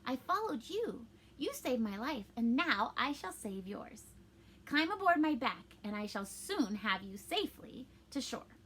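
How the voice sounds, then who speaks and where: A woman voicing a brave, kindly male tuna fish with a gravelly, steady, reassuring voice. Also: a little high, a little slow, a little hiss or hum.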